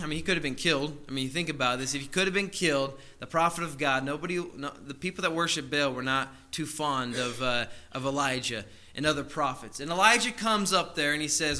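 A male preacher with a strikingly bright, sharp voice tells a scripture story as a sermon. He talks in a loose, conversational way and keeps turning to his listeners with questions. His voice sits a little high for a man. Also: lively intonation, a little fast, few pauses. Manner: conversational storytelling, many asides to the audience.

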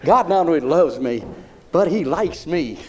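A man's voice: on the high side, animated, unhurried. Emphatic preacher, man. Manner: repetitive, emphatic preaching with rising shouts. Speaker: pastor. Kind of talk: sermon.

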